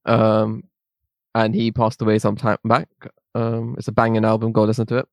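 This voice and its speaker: Laughing young podcast co-host. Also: male voice, fairly low pitch, normal speed, gravelly, no echo. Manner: laughs often, relaxed banter. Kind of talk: casual chat.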